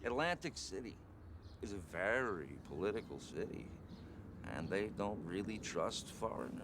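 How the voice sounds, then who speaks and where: A brash, self-praising tycoon, played by a man with a New York accent. His lowish voice swings up and down as he bosses people around and makes crude asides. Faint room noise sits under the voice. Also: animated, normal speed, natural voice. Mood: smug. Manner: boastful, bossy, crude asides.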